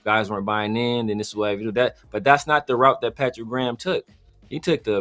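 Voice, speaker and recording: Animated man hosting sports talk. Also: mid-range voice, brisk, faint music behind. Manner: animated storytelling, mimics others. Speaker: podcast host. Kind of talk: casual sports chat.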